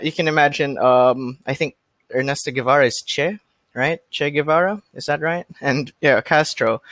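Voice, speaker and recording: A man hosting a podcast in casual chat, talking in a halting way with many fillers and restarts. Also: medium pitch, a bit bright, no room sound. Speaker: podcast host.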